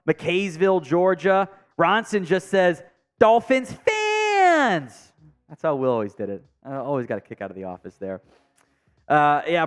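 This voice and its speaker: A man's voice: fairly high pitch, clear, resonant tone. A man hosting a live sports stream from a home setup, reading viewer comments aloud in a chatty, joking way with mumbled asides. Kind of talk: casual live stream chat.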